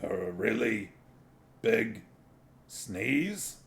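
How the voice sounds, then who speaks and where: A scruffy, cynical talking street dog, as a man puts him on for a storybook reading, grumbling in a gravelly, altered voice. He sounds mock-prim and world-weary. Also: mid-range voice, sing-song, very slow, full character voice. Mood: whimpering.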